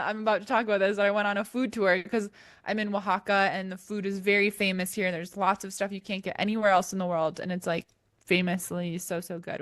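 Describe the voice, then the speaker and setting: A woman's voice: mid-range voice, no room sound, clean studio sound. A young woman from Wisconsin, co-hosting a podcast in casual chat, giggly and rambling as she tells stories. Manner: giggly, rambling, animated storytelling. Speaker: podcast co-host.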